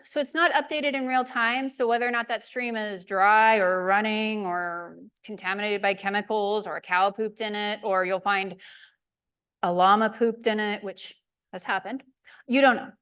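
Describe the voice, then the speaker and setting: A woman giving a community presentation, telling a lively, self-deprecating hiking story. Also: medium pitch, normal speed, clear, resonant tone. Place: lecture room.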